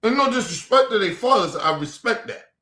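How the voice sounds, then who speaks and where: Pitched high and expressive, a man speaks fairly quickly in a pushed, bright voice during a heated stream rant. The echoey room carries his profanity as he addresses viewers and repeats himself over and over.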